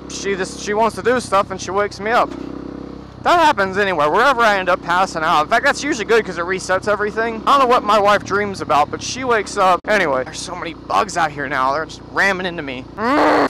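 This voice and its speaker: A man rambling and cursing through stories while riding a motorcycle, talking into a helmet headset. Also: high voice. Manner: profane, rambling storyteller. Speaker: motorcycle vlogger. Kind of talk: rambling anecdotal chat. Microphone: helmet bluetooth headset. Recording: loud wind and traffic noise. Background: road and engine noise.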